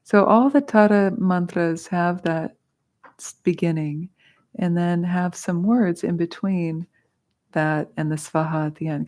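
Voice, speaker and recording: A woman's voice: on the low side, unhurried, a little mellow. A middle-aged woman leading a mantra class, explaining with casual humor and easy laughter. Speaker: meditation teacher. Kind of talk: guided mantra teaching. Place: studio.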